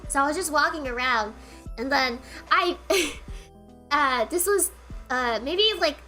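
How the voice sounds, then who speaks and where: Woman, high voice, giggly rambling storyteller, tired throat, faint music behind. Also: expressive, unhurried, sharp tone. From United States. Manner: rambling and giggly, heavy filler words. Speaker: streamer. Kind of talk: casual storytelling on a livestream.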